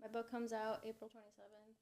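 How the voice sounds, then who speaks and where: A woman's voice: on the high side, completely flat delivery, a little fast, darkish tone. A woman appearing as a podcast guest, giggly and playful, trading short quips in casual chat.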